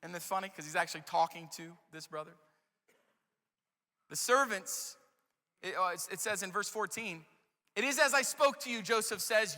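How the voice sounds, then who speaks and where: Bright high-voiced male pastor preaching. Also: normal speed, pauses often. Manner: conversational preaching, reads scripture aloud and acts out voices. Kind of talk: sermon. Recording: church hall with long reverb.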